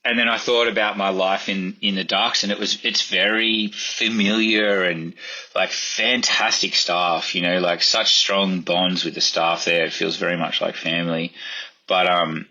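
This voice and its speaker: A very low, husky man, middle-aged, chatting loosely with plenty of fillers. His tone is bright and forward, and the recording sounds a little dull and muffled. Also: level tone, unhurried. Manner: rambling, lots of fillers, acts out quotes in a higher voice. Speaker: chef and podcast guest. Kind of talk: casual interview storytelling.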